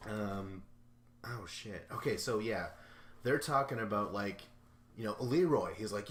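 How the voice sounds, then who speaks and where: A man's voice: lowish voice, lively intonation, normal speed, fairly bright tone. A man hosting a podcast, recapping a reality show in a loose, profane, rambling way and mimicking the people he talks about. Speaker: podcast host. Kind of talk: casual episode recap. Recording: roomy echo with faint noise.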